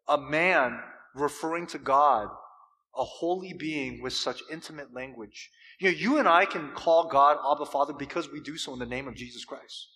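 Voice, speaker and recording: Male pastor, high bright voice, sermon in a reverberant hall, dramatic swells. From California. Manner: impassioned preaching with dramatic pauses and swells.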